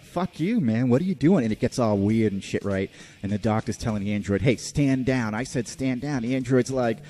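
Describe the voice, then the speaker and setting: A man with a low, mellow voice hosts a casual podcast. He talks about a movie in a loose, rambling way, full of fillers and swearing. Faint music plays behind him. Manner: rambling, profane, filler-heavy. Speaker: podcast host. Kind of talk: casual movie review chat.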